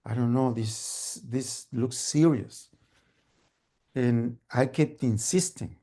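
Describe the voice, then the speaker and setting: A man telling a story at a live storytelling event, animated and humming sewing-machine sounds. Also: medium pitch, takes it slowly. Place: storytelling event, online gallery view.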